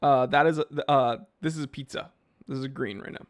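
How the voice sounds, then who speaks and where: A man's voice: mid-range voice, steady tone, a little fast. A man hosting a casual live stream, reading out comments and joking in a loose, rambling way.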